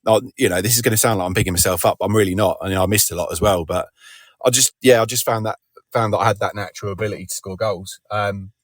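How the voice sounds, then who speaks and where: Podcast co-host: guy, very low voice, dry close sound, rambling modest chat. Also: fairly even intonation, fast talker, no echo. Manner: rambling, self-deprecating, many restarts. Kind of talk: casual chat.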